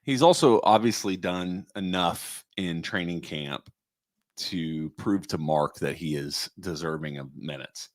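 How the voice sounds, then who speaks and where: A man with a fairly low voice talks through basketball in casual podcast chat. He speaks conversationally and often turns to his co-hosts with questions. The recording is dry and close. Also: a little slow, no echo. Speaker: podcast co-host.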